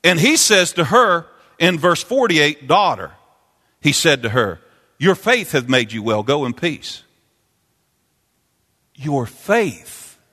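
A man preaching a sermon, impassioned and repetitive, climbing into sung, chanting peaks before dropping low. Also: expressive, a little slow, sharp tone. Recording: long hall reverb.

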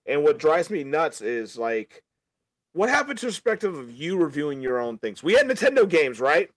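A man hosting a casual podcast chat, rambling through an animated, opinionated rant with many restarts. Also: on the high side, moderate pace, no room sound. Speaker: podcast host.

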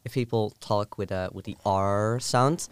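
A young man with a southern Dutch accent, talking through an idea in a relaxed chat. His voice sits on the low side and comes across clear and smooth. He pauses often with ums and starts over mid-sentence. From southern Netherlands. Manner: explains at length with many ums and restarts. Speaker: student. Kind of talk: casual chat.

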